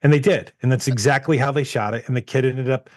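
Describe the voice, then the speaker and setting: A man's voice: medium pitch, fast, dry recording, clean studio sound. A man co-hosting a movie podcast in casual chat, rambling and laughing as he retells anecdotes. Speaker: podcast co-host.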